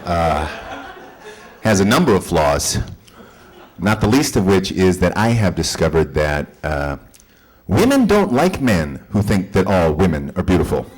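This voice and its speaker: A man doing stand-up, building jokes with slow, deliberate setups before the punchline. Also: sing-song. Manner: slow, deliberate setups with big swings in pitch. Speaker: stand-up comedian. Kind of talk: stand-up comedy set. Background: audience laughter.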